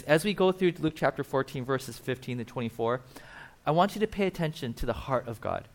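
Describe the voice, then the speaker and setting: A man preaching a casual sermon, chatty and full of fillers, often acting out quoted voices. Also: a little high. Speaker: pastor.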